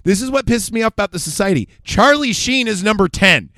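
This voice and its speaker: A man's voice: high-pitched, expressive, brisk, sharp tone, dry recording. A man co-hosting a casual podcast, ranting crudely and getting worked up. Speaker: podcast host. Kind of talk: casual banter.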